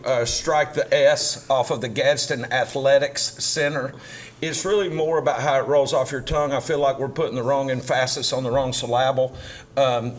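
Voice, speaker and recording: A man speaking as a city councilman at a council meeting, making dry jokes between his announcements. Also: fairly high pitch. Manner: joking, dry humor.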